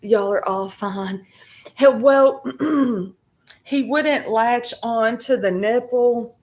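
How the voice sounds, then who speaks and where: Slow, rambling woman chatting to viewers. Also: fairly high pitch, darkish tone. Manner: rambling, chatty, many fillers and restarts; addresses the audience directly. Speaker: spiritual reading streamer. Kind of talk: casual live chat to viewers.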